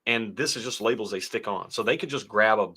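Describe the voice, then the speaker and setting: A man's voice: lowish voice, brisk, bright, forceful tone, breathy edge. A young adult man co-hosting a casual whiskey livestream, reading chat aloud and rambling with easy laughs. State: stuffy nose. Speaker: co-host of a whiskey tasting livestream.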